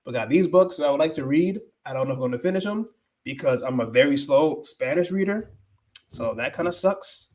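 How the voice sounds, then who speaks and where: A man's voice: fairly high pitch, expressive, brisk, darkish tone. Rambling man chatting on a livestream. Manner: rambling, thinking aloud, mixing Spanish phrases. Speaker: livestream host, language learner. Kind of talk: casual livestream chat.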